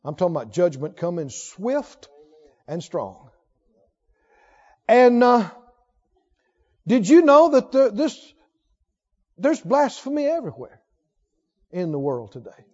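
A man preaching a sermon in a church, fervent and emphatic, swinging from loud to hushed. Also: high-pitched, sing-song, takes it slowly, long pauses. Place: church sanctuary. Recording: lo-fi recording with long hall reverb.

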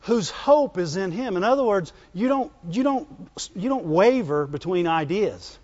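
A man's voice: high voice, expressive, a little slow, a little mellow, in a large hall, lo-fi sound. A man preaching a sermon in a folksy, call-and-response way, asking the congregation to answer back.

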